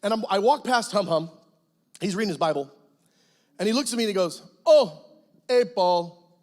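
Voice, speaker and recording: A man, a guest pastor, telling his testimony as a sermon in lively storytelling that bursts into excited, shouted quotes. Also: high voice, quick pace.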